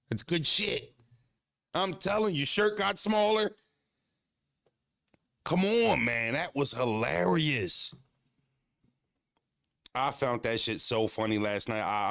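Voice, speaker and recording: A male streamer chats through his reactions, laid-back and swearing freely. His mid-pitched voice has a gravelly edge, and the sound is close and dry. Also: a bit bright, no room sound. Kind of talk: casual reaction chat.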